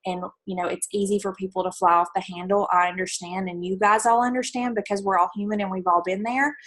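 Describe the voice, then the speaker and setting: A woman's voice: mid-range voice, steady tone, quick pace, fairly bright tone. A woman giving an earnest, encouraging talk to fellow team leaders on a video call.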